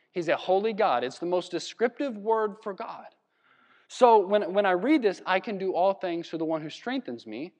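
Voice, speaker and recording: A man from Virginia preaching a sermon in a conversational, animated way, with laughs and asides. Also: high-pitched, in a large hall. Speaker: pastor. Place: church hall.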